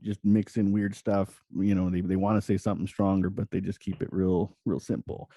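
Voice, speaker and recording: Animated, laughing male podcast host. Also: a little fast, dry recording. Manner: chuckling storyteller, animated swings in pitch when retelling. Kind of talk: casual gaming podcast chat.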